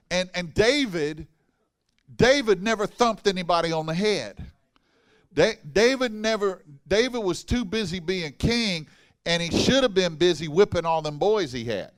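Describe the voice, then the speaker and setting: Male pastor, higher-pitched voice, folksy animated sermon with humor. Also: a little slow, smooth. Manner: folksy, animated preaching with humor and crowd asides. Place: church hall.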